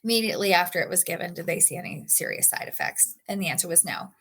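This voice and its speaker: A woman's voice: lowish voice, quick pace, fairly bright tone. A woman guest on a podcast interview, telling her own story in an earnest, emotional way with frequent fillers. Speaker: patient guest.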